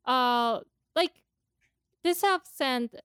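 Woman, podcast co-host; clear resonant tone, halting and thoughtful, dry close sound. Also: sits high, fairly bright tone, no room sound. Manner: thoughtful, halting explanations with many fillers. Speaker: co-host explaining Japanese pitch accent. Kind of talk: casual podcast chat.

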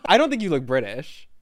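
A young man hosting a casual podcast chat, animated and quick to laugh, with loud swings in his voice. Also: on the high side, noisy background. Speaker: podcast host. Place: campsite set.

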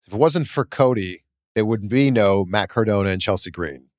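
A man's voice: lowish voice, moderate pace, darkish tone, no echo, clean studio sound. A man from Canada hosting an interview, easygoing, asking questions and affirming his guest. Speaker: interview host. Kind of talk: casual interview chat.

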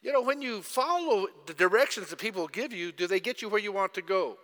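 A man's voice: sits high, animated, a little fast, fairly bright tone, big-room sound. A man preaching a sermon, telling stories and putting questions to the congregation. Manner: storytelling, asks audience questions. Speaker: pastor.

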